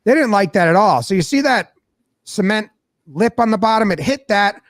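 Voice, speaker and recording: Animated man recapping a ballgame. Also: high voice, normal speed, no echo, clean studio sound. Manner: animated storytelling, acts out players' voices. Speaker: sports commentator. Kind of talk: casual game recap.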